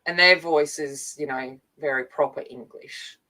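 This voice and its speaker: An Australian woman from a country town, co-hosting a casual livestream chat, talking in halting restarts and laughing often. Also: deep voice, pushed and bright, low-quality recording. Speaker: co-host.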